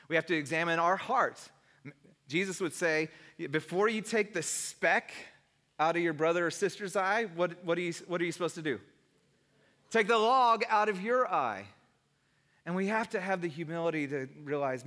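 A man's voice: a little high, fairly bright tone. A middle-aged male pastor preaching a sermon in a conversational, storytelling way, acting out the people he quotes.

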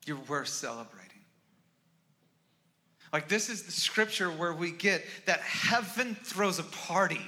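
A man preaching a sermon as a pastor, swinging from loud urgent pleading to quiet, hushed storytelling. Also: high voice, animated, normal speed.

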